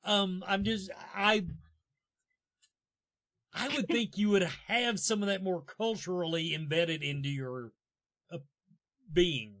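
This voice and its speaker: A man's voice: high-pitched, takes it slowly, long pauses, a bit bright. A man hosting an interview show, asking long rambling questions that keep restarting. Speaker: talk show host. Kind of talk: casual interview.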